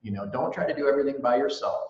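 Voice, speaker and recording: A man chatting as a guest on a podcast, telling stories in an excitable, emphatic, self-mocking way. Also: mid-range voice, rapid-fire. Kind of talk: animated storytelling chat. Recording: echoey room, dull sound.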